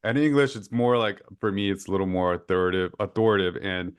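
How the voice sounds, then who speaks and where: A man's voice: deep voice, fairly even intonation, fast, clean tone. A male podcast host talking in a casual, effusive interview chat, full of fillers. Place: current home in Orlando.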